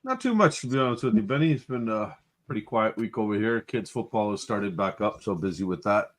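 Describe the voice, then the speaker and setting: A man's voice: on the low side, expressive, a little fast. Man, laid-back, dry humor, casual podcast chat. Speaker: podcast co-host.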